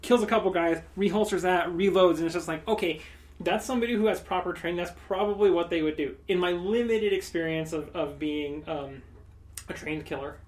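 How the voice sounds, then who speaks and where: A man's voice: high-pitched, a little fast. A man co-hosting a podcast in casual chat, rambling along with joking asides. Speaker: podcast co-host.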